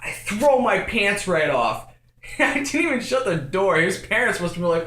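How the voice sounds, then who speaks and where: A young man telling a comic story from his own life, building to shouts and laughter as he acts it out. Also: high-pitched, moderate pace, reverberant. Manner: animated, escalating, acts out quotes with shouts and laughter.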